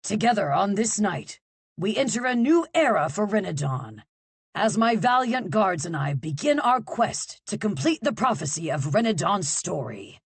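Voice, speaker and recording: A woman voicing a scheming king who makes grand, booming proclamations. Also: big pitch swings, slow, fairly bright tone, slightly rough, no room sound, heavily acted. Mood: proclaiming.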